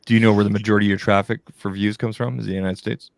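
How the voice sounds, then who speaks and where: A man's voice: lowish voice, flat delivery, very fast, vocal fry, no room sound. A man giving rambling, encouraging advice in a casual group chat on a live stream, speaking over a video call. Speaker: guest creator on a live stream.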